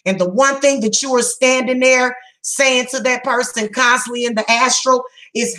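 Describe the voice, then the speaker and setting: A woman giving a psychic reading, speaking bluntly and emphatically, heated and repetitive, slowing down to stress her words. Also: on the high side, steady tone, bright, forceful tone, rough recording. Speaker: psychic reader. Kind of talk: tarot reading monologue.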